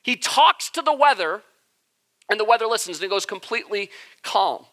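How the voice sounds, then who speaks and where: A man's voice: high-pitched, lively intonation, moderate pace, pushed and bright. A man preaching a casual sermon as the church's pastor, joking and conversational. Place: church sanctuary.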